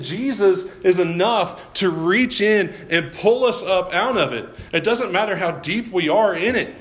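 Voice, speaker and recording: A man's voice: sits high, echoey room. A man preaching a sermon as pastor, talking in a folksy, self-deprecating way and often repeating his words.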